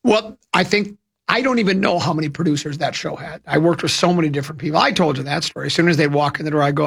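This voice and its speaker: Husky gravelly guy on talk radio, chatty rambling stories. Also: a little high, fast talker, a bit bright, faint music behind. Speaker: radio show host. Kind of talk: casual radio storytelling.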